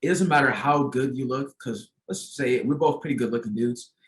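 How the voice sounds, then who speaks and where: A young man chatting on a podcast as a guest, joking and teasing. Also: mid-range voice. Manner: chatty, joking, quick to tease. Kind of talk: casual chat. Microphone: video call. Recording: echoey room on a video call.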